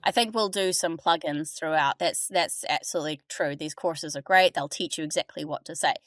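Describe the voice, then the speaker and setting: A woman hosting a podcast, coaching on front-desk phone calls in an animated, chatty way and acting out callers. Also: deep voice, a little fast, no echo, clean studio sound. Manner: animated, acts out phone calls, laughs often. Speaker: dental front-desk trainer and podcast host. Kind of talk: casual podcast discussion.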